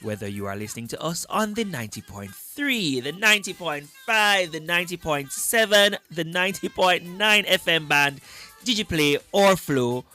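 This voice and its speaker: A young man hosting a youth radio show, energetic and upbeat, greeting listeners. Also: on the high side, normal speed, faint music behind. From Jamaica. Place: radio studio.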